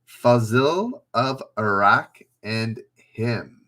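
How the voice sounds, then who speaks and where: Man, trivia stream host, chatty and self-mocking, slow talker, bright tone. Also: mid-range voice, animated. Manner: chatty, self-mocking, reads questions aloud and calls out players. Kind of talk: casual livestream quiz hosting.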